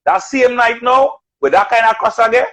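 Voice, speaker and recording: A man's voice: extremely high pitch, moderate pace, rough recording. A man telling stories of his music career in casual chat, acting out what others said. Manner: animated storyteller, acts out quotes. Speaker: radio announcer and artist.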